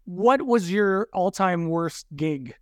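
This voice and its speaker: A male podcast host with a fairly high voice, easygoing and quick to laugh along. He asks his questions casually, and his voice sounds dry and close to the mic. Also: no room sound. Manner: relaxed, laughs along, short replies. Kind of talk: casual interview.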